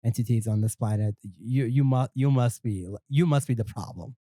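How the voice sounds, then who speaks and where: Male co-host, eager trivia-sharer, middle pitch, dry room. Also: normal speed, dark tone, no echo. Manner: chatty, eager to share facts. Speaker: podcast co-host. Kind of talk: casual chat.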